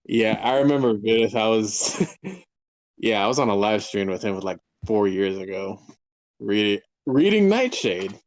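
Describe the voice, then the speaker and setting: A man's voice: on the low side, expressive, measured pace, no room sound. A man in his twenties, a guest author, rambling through a casual interview, laughing often and trailing off mid-sentence. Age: 20s.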